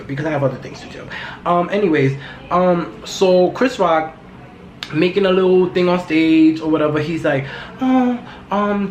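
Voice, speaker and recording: A woman hosting her own podcast in a casual, loud, profane and gossipy way. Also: deep voice. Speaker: podcast host. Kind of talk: casual solo podcast chat. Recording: echoey room with faint background noise.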